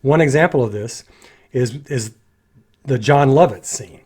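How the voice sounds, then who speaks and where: Animated man picking apart a film. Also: medium pitch, unhurried, husky. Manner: animated, critical, acts out lines in voices. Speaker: movie reviewer. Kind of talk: casual spoken film critique.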